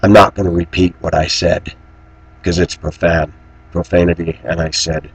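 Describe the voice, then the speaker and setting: Middle-aged male vlogger, deep husky voice, preachy and indignant. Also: fairly even intonation, normal speed, rough recording. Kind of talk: personal commentary monologue.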